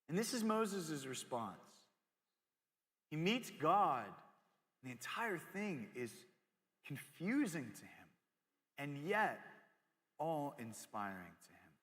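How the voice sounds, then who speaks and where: A young man giving a casual, joking sermon to middle schoolers as youth pastor, telling stories with lively asides. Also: fairly high pitch, slow pace, long pauses. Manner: casual, joking, animated storytelling. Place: church hall. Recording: long hall reverb.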